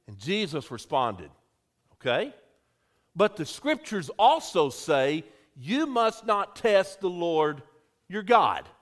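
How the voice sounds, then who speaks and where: A male pastor preaching a sermon to his church, swinging between loud calls and quiet asides. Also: high voice. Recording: audio recording of a church sermon.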